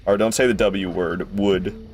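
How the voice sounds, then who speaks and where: A man's voice: low voice, fairly even intonation, a little slow, darkish tone, soft background music. A young man streamer chatting through live gameplay, frustrated and swearing, talking to his chat. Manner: talks to chat.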